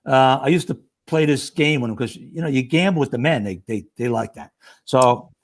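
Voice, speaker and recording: A man's voice: mid-range voice, moderate pace. A middle-aged man, a retired fire lieutenant telling stories as a podcast guest and acting out the people in them. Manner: animated, acts out the voices of the people in his stories. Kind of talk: casual storytelling.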